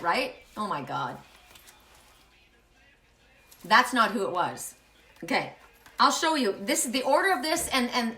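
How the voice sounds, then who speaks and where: A woman doing an oracle card reading on a livestream, talking excitedly, often exclaiming, swearing and laughing. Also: high voice. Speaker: intuitive card reader.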